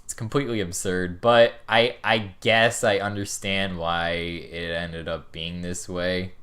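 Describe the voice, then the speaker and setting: Bright-voiced young man musing. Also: low voice, flat delivery, a little slow. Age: around 20. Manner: musing, hedging with 'like' and 'you know'. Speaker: podcast host. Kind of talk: casual podcast chat.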